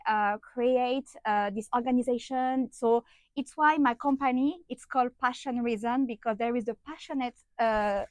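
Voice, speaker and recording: A woman's voice: fairly high pitch, no room sound, rough recording. A woman with a French accent, chatting as a podcast guest with many filler sounds and restarts. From France. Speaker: podcast guest, event designer. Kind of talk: casual interview chat.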